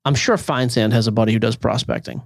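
A man's voice: medium pitch, fairly even intonation, quick pace, creaky, dry recording. A man co-hosting a podcast in casual chat, dry and teasing, speaking blunt opinions. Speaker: podcast co-host.

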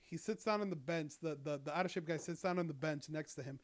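A man's voice: a little high, fast. A young man casually retelling a story, rambling and profane, with lots of fillers. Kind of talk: casual chat.

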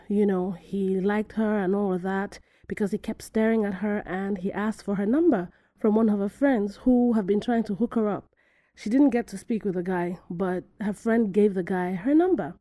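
A woman from Africa hosting her own podcast, telling a story in a lively way and acting out the voices of the people in it. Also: mid-range voice, no room sound. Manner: animated storytelling, acts out quoted voices. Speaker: podcast host. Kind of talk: solo podcast monologue.

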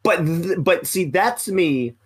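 A man co-hosts a casual wrestling podcast in a fairly high voice. He talks in an animated, joking way and keeps the chat loose. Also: slow pace, breathy edge. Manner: animated, jokey, slips into silly put-on voices. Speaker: podcast co-host.

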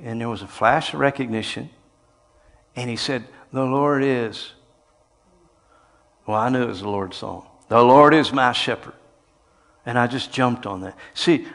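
An older man preaching a sermon, telling stories and swinging between quiet passages and loud, shouted lines. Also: mid-range voice. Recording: long hall reverb.

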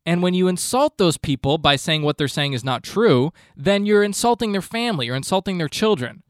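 A man hosting a comedy podcast, delivering a rambling monologue in a deadpan, mock-earnest tone with frequent restarts. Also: high-pitched, a little fast, smooth, no room sound, studio quality. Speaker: podcast host.

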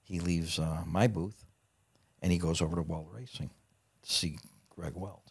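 A middle-aged man telling a profane, lively anecdote in casual conversation. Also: low voice, moderate pace, husky. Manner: profane, animated anecdote teller. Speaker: guest. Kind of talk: casual storytelling.

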